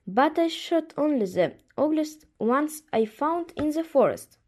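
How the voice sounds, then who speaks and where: Lady reading a puzzled hunter guy, mellow, slow, kinda plain. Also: high voice, lively intonation, voice pushed up.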